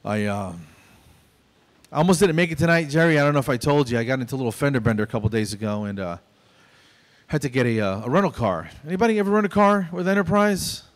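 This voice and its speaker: A man's voice: mid-range voice, animated, quick pace. A man in his fifties doing a stand-up comedy routine on a small club stage, telling stories and acting out both sides of each exchange.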